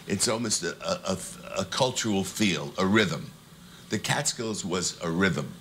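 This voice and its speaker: Older man, veteran comedian, interview, punchy rhythmic joke-telling, swinging pitch. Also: animated, a little slow, very noisy. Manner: tells jokes in a punchy, rhythmic delivery. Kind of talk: reminiscing interview.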